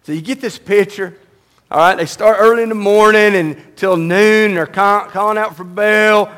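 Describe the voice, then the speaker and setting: A male pastor preaching a sermon, reading scripture and explaining it conversationally, swinging from loud and high to low and quiet. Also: moderate pace. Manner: animated, rising loud and high when mocking, dropping low and quiet on solemn lines; reads scripture aloud, then explains it conversationally.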